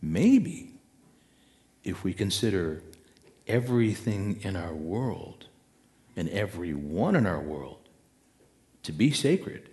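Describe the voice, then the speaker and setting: A man with a very low voice speaks to a gathered audience about spirit and intuition. He talks slowly and reflectively, leaning on pauses and now and then acting out an inner voice. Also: big pitch swings, dark tone.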